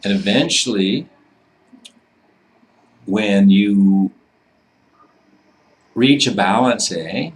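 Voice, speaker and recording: A man with a fairly low voice explains a method in plain, conversational terms. He talks loosely and swears without fuss, often ending a thought with "eh". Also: very slow, pauses often. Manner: loose and profane, tags sentences with "eh". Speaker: instructor. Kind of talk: casual instructional talk.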